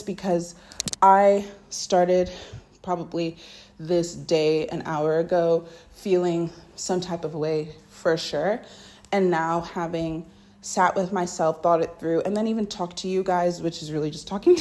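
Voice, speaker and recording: A woman's voice: lowish voice, darkish tone. Chatty woman podcasting from her bedroom. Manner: chatty, reflective, peppered with "like". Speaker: podcast host. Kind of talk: casual solo podcast monologue.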